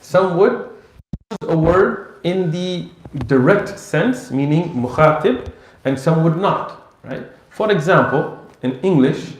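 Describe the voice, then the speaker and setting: A man's voice: on the high side, slow pace. Guy lecturing, bouncy storytelling voice, roomy echo. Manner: animated storytelling with acted-out dialogue. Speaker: Islamic teacher.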